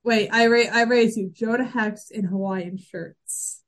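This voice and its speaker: Woman, podcast co-host, casual fan chat, excitable, slightly high voice. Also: a little slow. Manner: excited, restarts often, laughs while talking.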